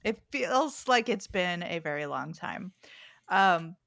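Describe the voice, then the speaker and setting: A woman's voice: lowish voice, expressive, slow pace, vocal fry, fairly bright tone, dry recording. A woman hosting a gaming podcast, steering the chat in an upbeat way. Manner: upbeat, leads the talk. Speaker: podcast host. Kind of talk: casual chat.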